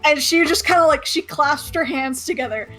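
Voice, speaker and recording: A woman's voice: sits high, normal speed, fairly bright tone. A young woman telling a story in casual chat, rambling, swearing freely and laughing often.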